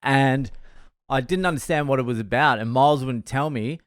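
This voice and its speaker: A man's voice: medium pitch, normal speed, dry recording, studio quality. A man with an Australian accent, a comedian telling a crude, laid-back story. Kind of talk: storytelling podcast.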